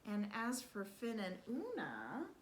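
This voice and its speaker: A woman reading a children's picture book aloud in an expressive, animated way. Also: medium pitch, slow pace, slight background noise, poor audio. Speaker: storyteller. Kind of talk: children's story read-aloud.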